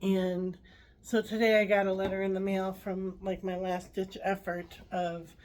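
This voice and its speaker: A woman hosting her own vlog, talking in a halting, emotional way with many pauses and restarts, close to tears at times. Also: medium pitch, flat delivery, a little mellow, slight background noise, poor audio. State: tearful. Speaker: channel host. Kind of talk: personal vlog.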